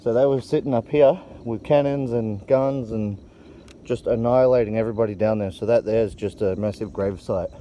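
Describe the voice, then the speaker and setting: A man's voice: on the low side, moderate pace, a little hiss or hum. A man filming an outdoor walking tour on a hillside and narrating it in a casual, vivid way on a handheld camera mic. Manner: excited, vivid retelling.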